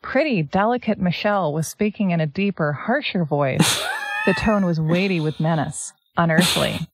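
A Canadian woman with a lowish voice co-hosts a podcast at a normal speed, with slight background noise. In casual chat she reads passages aloud and tosses in sarcastic asides. She's animated and sarcastic, laughing often.

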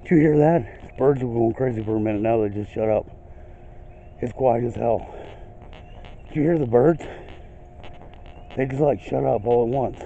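A man's voice: mid-range voice, normal speed, pauses often, mellow, dull audio, a little hiss or hum. Casual ghost-hunting vlogger man outdoors. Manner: calls out to spirits in a raised voice. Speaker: paranormal investigator vlogger. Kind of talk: casual vlog chat with spirit calling. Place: outdoor cemetery.

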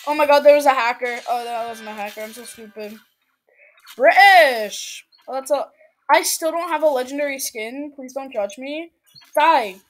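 A woman commenting on her own gameplay in a silly, excitable way that breaks into shrieks and shouts. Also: sits high, a little fast. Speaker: gaming video creator. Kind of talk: let's play gameplay commentary.

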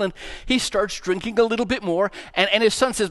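A middle-aged male pastor telling a story in a sermon, animated and acting out the voices in it. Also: high voice, fairly quick. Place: church.

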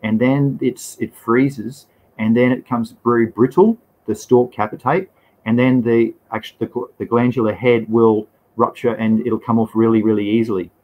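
Speaking at normal speed with a level, slightly mellow medium-pitched voice, this Australian-accented host fields chat questions during a live stream. His relaxed, rambling answers include slang and an occasional swear, captured on a low-quality recording.

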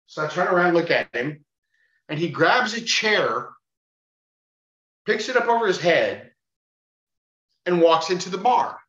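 A man's voice: high-pitched, sing-song, unhurried, pauses often, fairly bright tone. A man, a bouncer, telling a bar story in casual talk, swearing freely and acting out the voices of the people in it. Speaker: podcast guest, bar bouncer. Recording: roomy, dull-sounding.

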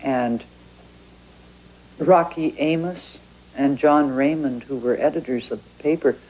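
A woman's voice: rumbling low, a little slow, warm tone, slightly rough, poor audio. A woman from Canada, a writer talking about her work in a thoughtful, conversational interview. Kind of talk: reflective interview talk.

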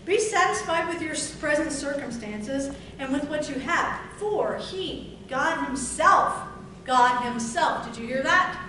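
A woman preacher delivering a fervent sermon, stretching out scripture lines with emphatic, drawn-out delivery. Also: high voice, bright, forceful tone. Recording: echoey room from far off, noisy.

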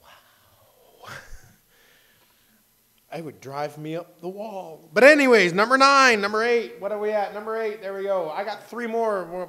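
Over a church microphone, a male pastor rambles through his sermon with self-mocking humor, his volume dropping to hushed asides and then rising to loud bursts. His voice sits high.

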